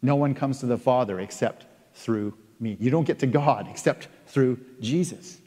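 A man preaching a sermon in an earnest way, reading scripture aloud and stressing key words with pauses. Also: mid-range voice, dark tone. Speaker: pastor. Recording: long reverb of a large hall.

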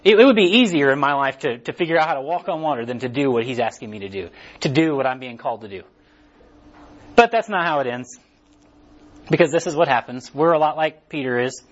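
A man's voice: mid-range voice, a little fast, dull audio. A man preaching a casual, conversational sermon, acting out what people tell themselves. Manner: casual, animated, acts out inner voices.

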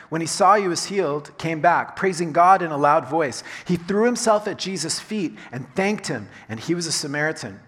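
A fairly high-pitched man preaches in a church sanctuary, his voice trailing off in long reverb. He talks to the room like a chatty pastor, loose and conversational, with quick laughing asides. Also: a bit bright. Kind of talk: sermon. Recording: long reverb of a large hall.

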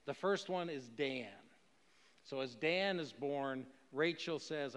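A man's voice: medium pitch, takes it slowly, fairly bright tone, in a large hall. A man preaching a sermon in a conversational way, with rhetorical questions and occasional chuckles. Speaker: pastor.

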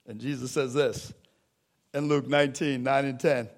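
A man's voice: medium pitch, fairly even intonation, normal speed. A man preaching a sermon as pastor in a church, talking with the congregation in a conversational way and acting out Bible scenes. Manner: acts out Bible scenes in quoted voices. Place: church sanctuary.

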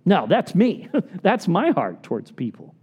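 A middle-aged man preaching a sermon as a pastor, earnest and pleading, often dropping to soft low tones for emphasis. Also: big pitch swings, unhurried, slightly rough.

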